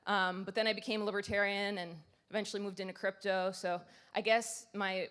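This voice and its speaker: Brief: woman speaker on a conference stage, medium pitch, chatty and self-mocking, lots of ums. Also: fairly bright tone, smooth. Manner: conversational and self-deprecating, many fillers. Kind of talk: conference talk.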